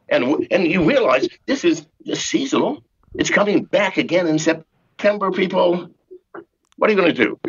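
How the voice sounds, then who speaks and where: A man's voice: high-pitched, big pitch swings, moderate pace, husky. An older man as a podcast guest, ranting in a profane, exasperated way with sarcastic jokes over a muffled remote line. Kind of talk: ranting call-in interview.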